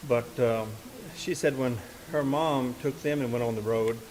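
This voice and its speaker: A man's voice: mid-range voice, steady tone, measured pace, darkish tone, slight background noise, poor audio. Folksy man telling a story onstage. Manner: folksy, rambling, with many "and, uh" restarts. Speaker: musician and bandleader. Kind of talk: onstage storytelling to a live audience. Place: live music stage, indoors.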